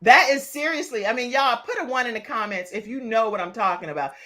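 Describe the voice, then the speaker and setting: A woman's voice: fairly high pitch, expressive, fast, bright, forceful tone. A woman hosting an online talk show over a video call, chatting playfully, teasing her guests and laughing often.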